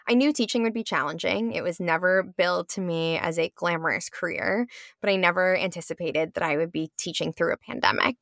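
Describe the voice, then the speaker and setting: A woman's voice: fairly low pitch, creaky, fairly bright tone, no room sound, clean studio sound. A young woman, a public school teacher, telling a personal story at home in a conversational way, with frequent ums and likes. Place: her home.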